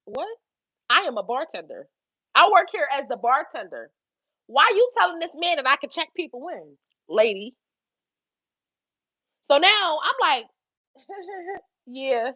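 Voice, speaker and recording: A young woman telling a work story in a casual, profane, animated way, laughing often and acting out what people said. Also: sits high, measured pace, pauses often, dry recording, muffled recording. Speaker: livestream host telling a story.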